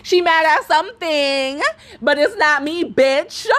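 A woman's voice: sits high, slow, a bit bright. A young woman hosting a podcast, telling a profane storytime rant and laughing through it. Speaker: podcast host. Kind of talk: ranting storytime monologue.

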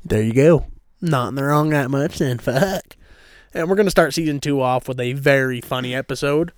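A man's voice: medium pitch, moderate pace, clear, resonant tone, no room sound, clean studio sound. A man hosting his own podcast, brash and swearing constantly in loose banter. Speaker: podcast host. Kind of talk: crude casual podcast banter.

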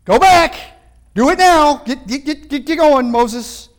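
Impatient commanding God figure, brisk repeated orders, a man's high voice in a sermon. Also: animated. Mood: insistent.

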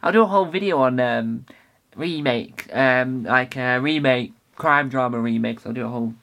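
A young male podcast host talking on his own in an easy, unscripted way. He rambles eagerly, stumbling over restarts and filler words, with a voice of ordinary middle pitch. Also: normal speed, gravelly, a bit bright. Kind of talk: casual solo podcast talk.

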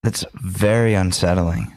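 A man's voice: deep voice, fairly even intonation, unhurried, darkish tone, no echo. A young man co-hosting a casual podcast, joking around and slipping into silly put-on voices. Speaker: co-host.

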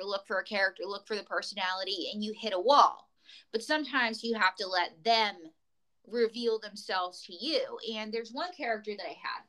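A woman's voice: mid-range voice, pushed and bright, rough recording. A woman comedian telling rambling, tangent-filled stories as a guest in a casual chat. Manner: rambling, tangent-prone storytelling.

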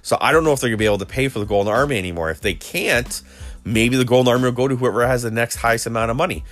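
Man, low-pitched, casual recap, rambling, faint background music. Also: fairly bright tone. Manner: rambling, with many restarts and quoted dialogue. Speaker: video creator recapping a TV episode.

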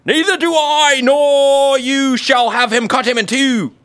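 A man putting on a shrill, melodramatic voice for a distraught mother pleading before a king. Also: steady tone, unhurried, fairly bright tone. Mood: desperate.

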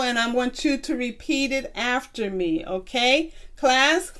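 High-voiced woman teaching kids a bible lesson, slow and patient, has them repeat after her. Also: lively intonation, sharp tone. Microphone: recorded tape.

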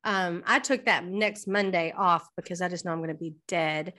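A woman's voice: fairly low pitch, normal speed, sharp tone. Chatty middle-aged woman co-host. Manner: chatty, talks while eating, frequent restarts. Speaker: podcast co-host. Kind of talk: casual chat.

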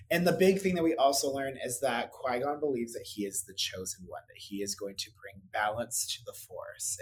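A man's voice: mid-range voice, a little hiss or hum. A man co-hosting a casual film podcast, talking animatedly and doing mocking impressions. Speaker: podcast co-host. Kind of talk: casual chat about films.

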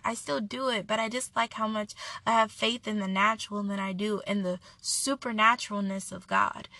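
A woman speaks in a bright, sharp tone with a gravelly edge, sharing an earnest devotional talk between scripture readings. Her delivery is chatty and personal, full of restarts and asides, in a dry, close sound. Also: mid-range voice, dry recording.

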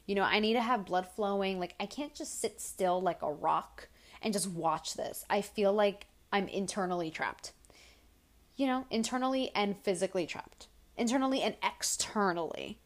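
A woman's voice: mid-range voice, moderate pace. A young woman hosting her own podcast, telling casual stories full of fillers and restarts. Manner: rambling, animated storytelling with filler words. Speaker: podcast host. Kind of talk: casual solo podcast chat.

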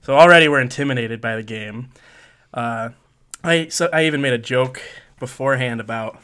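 Bright, clear-voiced man telling stories. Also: mid-range voice, moderate pace. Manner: jokey, laughs through his stories. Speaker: podcast co-host. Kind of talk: casual storytelling chat.

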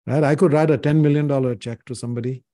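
A man from India in his sixties talks through personal memories as a podcast guest, earnest and reflective, leaning on "you know." His medium-pitched voice is mellow and steady but fast, with clean studio sound and no echo.

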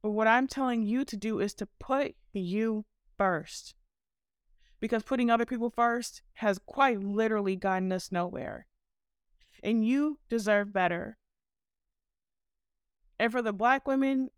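Woman podcast host, impassioned and profane; clear voice, dry and close-miked. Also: medium pitch, a little slow, no echo. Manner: blunt, fiery, profane.

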